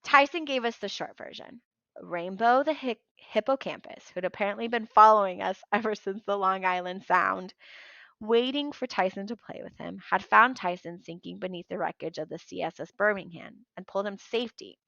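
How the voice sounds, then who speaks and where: Bright-voiced woman reading a novel aloud. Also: mid-range voice, normal speed, creaky, no echo, lo-fi sound. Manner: expressive, lively storytelling. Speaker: audiobook reader.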